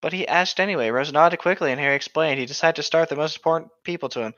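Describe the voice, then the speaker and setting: Young guy, bright higher voice, goofy joker reading fan fic on a podcast. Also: quick pace, few pauses, dry recording, highs cut off. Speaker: co-host. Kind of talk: fan fiction reading and commentary.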